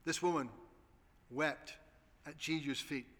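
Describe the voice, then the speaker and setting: Pastor preaching earnest, high bright voice, big echoey hall. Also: male voice, fairly even intonation, slow. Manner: earnest preaching with repeated appeals to the congregation. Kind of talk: sermon. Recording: long hall reverb.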